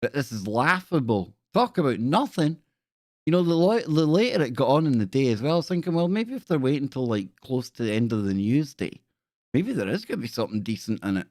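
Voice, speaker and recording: A man hosting a relaxed live stream, sounding scornful and rambling as he talks to his viewers. His voice sits at an ordinary pitch and is recorded close and dry, with no room sound. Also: brisk, dry recording. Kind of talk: casual live stream chat.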